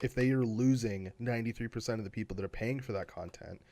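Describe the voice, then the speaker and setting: A man co-hosting a gaming podcast in casual, rambling chat. His voice sits at a middle pitch and is recorded dry and close, with no room sound. He keeps circling back with fillers and restarts. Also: fast talker, dark tone, no echo. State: has the hiccups. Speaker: podcast co-host.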